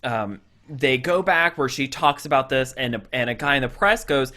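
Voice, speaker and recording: A man's voice: mid-range voice, animated, moderate pace, few pauses, bright, forceful tone. A man co-hosting a casual podcast, retelling a TV episode scene by scene, acting out the characters' lines with frequent restarts. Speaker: podcast co-host.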